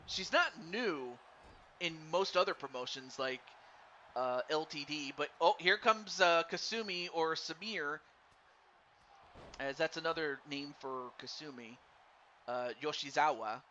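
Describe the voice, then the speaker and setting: A man doing live play-by-play commentary on a wrestling game for a stream, excitable and stumbling over his words while chatting with viewers. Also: on the high side. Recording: dull lo-fi stream mic with faint noise.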